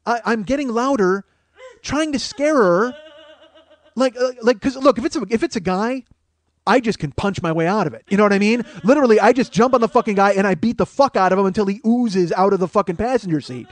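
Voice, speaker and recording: A man's voice: high-pitched, brisk. A man hosting a podcast, telling a rambling, profane comic story that gets more and more worked up. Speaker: podcast host. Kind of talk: comedic storytelling monologue.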